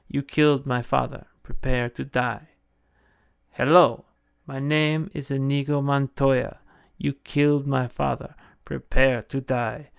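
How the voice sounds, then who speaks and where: A relentless swordsman hammers out his vow with force in a man's put-on voice. The tone is close to the speaker's own, slow and gravelly. It is recorded dry. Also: mid-range voice, dry recording. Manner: forceful, repetitive. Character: vengeful swordsman, grown man, relentless.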